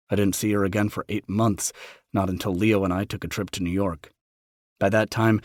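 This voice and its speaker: A man narrating a romance audiobook in the first person, tender and unhurried. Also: lowish voice, no echo, studio quality.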